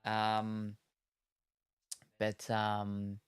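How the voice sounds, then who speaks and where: A man's voice: lowish voice, completely flat delivery, drawn-out words, smooth, no echo, clean studio sound. A man chatting casually while opening trading cards, rambling through meandering retellings full of hedges and trailing asides. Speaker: card-opening streamer.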